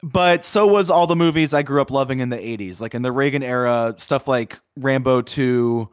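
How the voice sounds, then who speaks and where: A man's voice: medium pitch, moderate pace, clear, resonant tone, dry recording. Man, podcast co-host, casual film chat, lots of filler words, dry close sound. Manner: loose and chatty, heavy on filler words.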